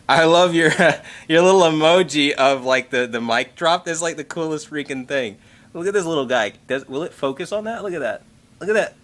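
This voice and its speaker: A man hosting a tech livestream in casual chat, excitable and rambling, swearing casually and thanking members. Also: medium pitch. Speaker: tech channel host reading member messages on a livestream.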